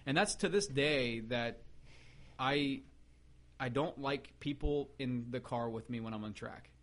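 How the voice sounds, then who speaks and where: A man in the middle of a lively, casual story, with a pitch sitting in the ordinary middle range. He acts out the people in his story and laughs as he goes. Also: unhurried. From United States. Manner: animated storyteller, acts out quotes, laughs often. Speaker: podcast guest, race car builder.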